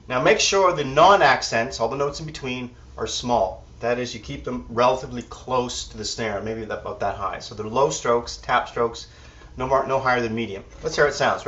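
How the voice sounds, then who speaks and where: With a medium-pitched voice at normal speed, a relaxed male drum instructor counts beats aloud and thinks out loud while demonstrating on the kit. The recording is distant and dull, dominated by loud drums and music.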